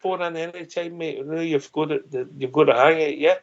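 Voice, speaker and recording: A man's voice: a little high, fairly quick. A man hosting a radio phone-in, chatty and friendly, thanking callers. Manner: friendly, matey sign-offs. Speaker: radio show host. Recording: dull lo-fi audio.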